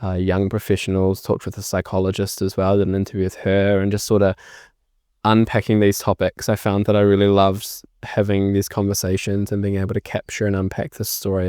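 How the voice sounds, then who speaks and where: A man's voice: sits low, smooth, no echo, clean studio sound. A young man with a New Zealand accent, a filmmaker telling his story in a casual podcast interview, acting out past conversations. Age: young adult. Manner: animated storyteller acting out remembered exchanges. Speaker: filmmaker guest.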